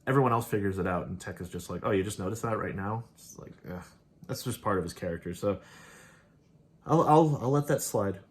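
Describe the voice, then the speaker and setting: A show host casually recaps and reviews an episode, rambling, laughing often, and offhandedly paraphrasing what the characters said. His voice is on the low side and a little fast.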